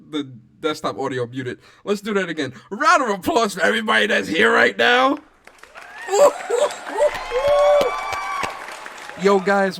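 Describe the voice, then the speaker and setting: Young man, livestream podcast host, slangy, hyped, shouting out viewers, desktop mic. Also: on the high side. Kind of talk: casual livestream chat. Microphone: desktop streaming mic.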